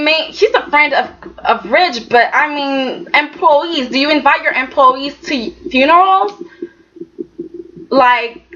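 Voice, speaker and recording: A woman chatting casually as a soap opera reviewer, animated, sassy and rambling. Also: high voice. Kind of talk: casual chat. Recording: dull lo-fi recording.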